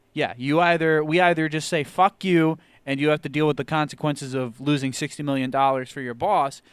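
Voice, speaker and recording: A man's voice: fairly high pitch, clean tone, no room sound. A man co-hosting a podcast, chiming in casually with asides while a film is recapped. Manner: relaxed, chimes in with asides and laughs. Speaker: podcast co-host. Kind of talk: casual chat.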